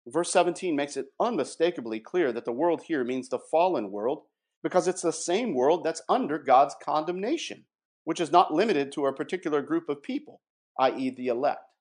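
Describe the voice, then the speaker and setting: A man giving a measured, emphatic theological explanation and reading passages aloud. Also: a little high, animated, a little mellow. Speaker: guest presenting doctrine. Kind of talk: explanatory theological talk with read quotations.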